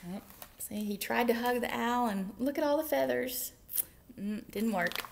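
A woman who is a children's librarian, reading picture books aloud in an animated, sing-song way that often drops into whispers. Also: on the high side, measured pace, gravelly, a little hiss or hum. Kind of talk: storytime read-aloud.

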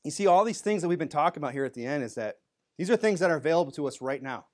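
A man's voice: a little high, animated, very fast, a little mellow. A male pastor preaching a sermon, talking plainly to the congregation and raising his voice for Bible readings.

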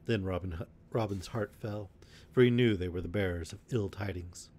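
Low-voiced man reading a bedtime story. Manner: measured, expressive narration.

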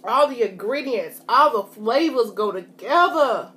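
Chatty woman with a lively, high voice. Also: unhurried. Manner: chatty, folksy, says "y'all" a lot. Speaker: food vlogger. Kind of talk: casual mukbang chat to camera.

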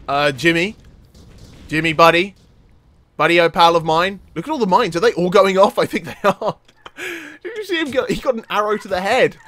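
A man doing let's play commentary, excitable, yelping and laughing at the action on screen. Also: high voice, brisk. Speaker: gaming commentator.

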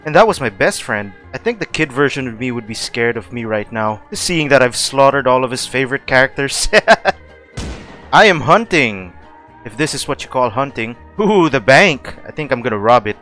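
A young man giving excitable let's play commentary who laughs often and swears. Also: medium pitch, moderate pace, soft background music. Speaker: gaming streamer.

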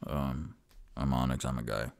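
Brief: man putting on a low, grunting dwarf brawler, dim and blunt, tabletop game. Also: steady tone, gravelly, a little mellow. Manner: slow, grunting, hesitant. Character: male dwarf fighter, blunt, simple-minded.

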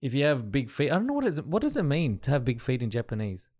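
A man co-hosting a casual group chat, playful and animated, laughing often. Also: mid-range voice, fast. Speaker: podcast co-host.

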